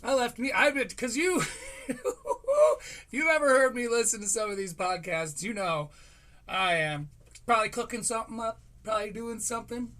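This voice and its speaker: A man's voice: extremely high pitch, animated, normal speed, pushed and bright. A man hosting a live stream, reviewing a podcast in a heated, sarcastic rant.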